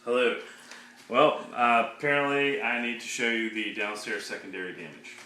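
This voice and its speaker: Man, offhand house-tour talk, bright lowish voice, distant roomy recording. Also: fairly even intonation, normal speed, slight background noise. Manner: casual, offhand, wry. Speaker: husband showing house damage. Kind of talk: casual home video tour. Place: downstairs room of a house. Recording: roomy and distant home video.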